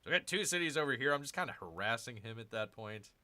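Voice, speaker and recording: A man's voice: medium pitch, lively intonation, quick pace, sharp tone. A man hosting his own gaming channel, chatting casually as he plays a strategy game, rambling and correcting himself with jokey asides to viewers.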